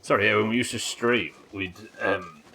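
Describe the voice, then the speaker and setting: A man's voice: lowish voice, normal speed, vocal fry, sharp tone, husky. A British man giving live commentary while streaming a game, swearing often, muttering to himself and chatting with his viewers. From Britain.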